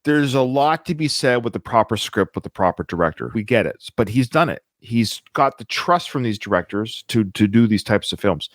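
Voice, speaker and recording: A man's voice: medium pitch, expressive, moderate pace, few pauses, no room sound, studio quality. A man hosting a casual film podcast, talking with enthusiasm and reeling off lists of film titles. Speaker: podcast host.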